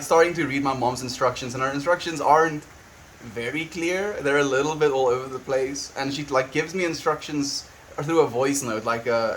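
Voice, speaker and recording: Young man, livestreamer, casual rambling chat, frequent laughs, restarts, a bit high-pitched. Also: fairly bright tone, a little hiss or hum, rough recording. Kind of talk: casual chat, venting and reading chat. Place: at home on a farm.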